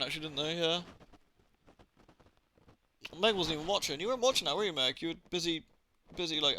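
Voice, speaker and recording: A young man streaming a game, chatting casually to his viewers, rambling and joking, swearing freely and slipping into quick silly impressions. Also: a little high, bright, forceful tone. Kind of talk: casual live-stream chat.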